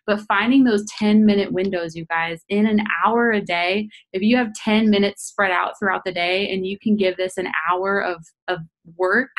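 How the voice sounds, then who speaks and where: A woman's voice: medium pitch, steady tone, normal speed, hardly any pauses. A young woman leading a group call, giving casual, earnest coaching tips and often repeating herself for emphasis. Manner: earnest, repetitive, addresses listeners as "you guys". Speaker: team leader hosting a business call.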